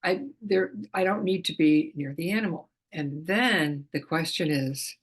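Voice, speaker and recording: A middle-aged woman, an animal communicator, explaining her work in a casual talk to camera, chatty with frequent restarts and soft laughs. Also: deep voice, a little slow.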